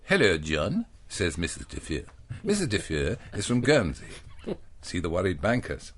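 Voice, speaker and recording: A man's voice: deep voice, sing-song, normal speed. A man reading a parody children's story aloud in a mock-earnest, playful manner.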